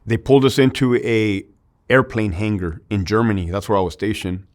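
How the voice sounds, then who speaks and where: A man with a lowish voice shares his story openly in an interview, loose and conversational. He throws in "dude" and "like" all the time and swears freely, and the emotion stays raw under a plain telling. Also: steady tone, brisk. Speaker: interview guest, army veteran.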